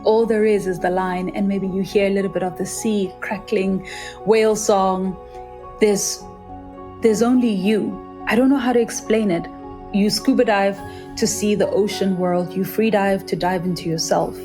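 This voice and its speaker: A woman's voice: steady tone, normal speed, music in the background. A South African woman, a freediver, telling her story in an earnest, vivid interview, sometimes acting out the voices of others. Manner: earnest and vivid, acts out quoted voices in a higher pitch. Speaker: freediver, guest.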